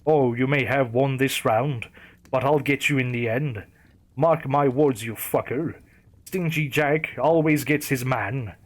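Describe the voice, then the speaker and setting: A furious old trickster who cannot stand to lose, as a male narrator puts him on. He snarls and growls every threat through clenched teeth. The voice sits at an ordinary middle pitch for a man. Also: unhurried, lightly acted.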